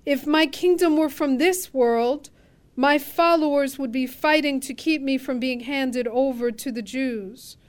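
Woman reading steady solemn man on trial, slow, high voice.

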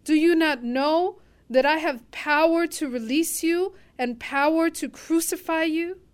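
A woman's voice: high-pitched, unhurried. A woman reading as a wary Roman governor. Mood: questioning. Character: wary male Roman governor, questioning, uneasy.

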